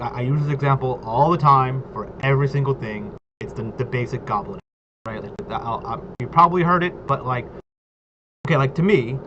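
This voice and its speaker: A man in casual chat about tabletop role-play, rambling and filling his talk with "like" and "right?". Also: medium pitch. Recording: dull lo-fi audio with clear background noise.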